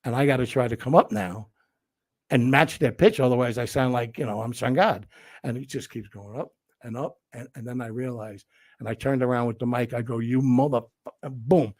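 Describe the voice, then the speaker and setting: An older man spins stories as a guest in a relaxed interview. He talks in an animated, salty way and slips into the voices of the people in his tales. His pitch sits in an ordinary middle range. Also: a little fast. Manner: animated, profane storyteller who acts out quotes. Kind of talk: casual storytelling interview.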